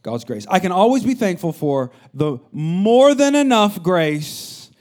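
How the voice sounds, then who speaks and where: A man in his thirties preaching a sermon, his voice sitting a little high for a man. He tells stories with lots of energy, swinging from loud bursts down to quiet, hushed asides. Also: unhurried. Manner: animated storytelling with swings between loud and hushed. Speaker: pastor.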